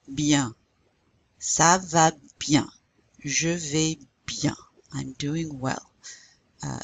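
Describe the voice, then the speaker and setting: Slow, patient woman teaching French. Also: low voice, creaky, breathy edge, no room sound. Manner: slow, patient, spelling letters out one by one. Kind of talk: recorded online lecture.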